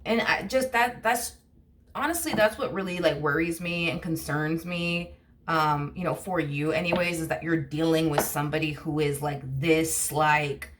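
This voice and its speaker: A woman's voice: deep voice, moderate pace, a little hiss or hum. A woman giving a casual tarot reading to camera, rambling and full of fillers like "you know what I mean". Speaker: tarot reader.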